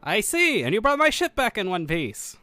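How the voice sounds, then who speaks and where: Man playing a cheerful warforged construct, high and bouncy, exclaiming, light music behind. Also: huge pitch swings, moderate pace, pushed and bright, dry recording, heavily acted. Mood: cheery. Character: cheerful Warforged construct shopkeeper, evasive about his age.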